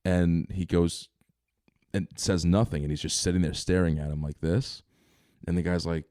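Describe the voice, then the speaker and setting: A young man co-hosting a podcast, telling stories in a rambling, animated way with lots of fillers. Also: low-pitched, normal speed, no room sound, studio quality. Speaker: podcast co-host. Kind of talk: casual chat.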